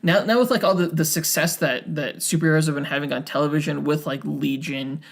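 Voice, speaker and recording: A man's voice: on the high side, fairly even intonation, a little fast, gravelly. A young man co-hosting a podcast, talking casually with many fillers and restarts. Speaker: podcast co-host.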